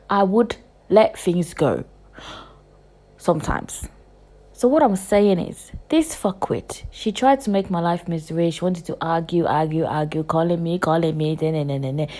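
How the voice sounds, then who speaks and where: A woman in her twenties hosting a podcast, delivering a heated, profane rant full of repetition, with loud bursts and hushed asides. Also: fairly low pitch. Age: 20s. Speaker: podcast host. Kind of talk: casual podcast monologue.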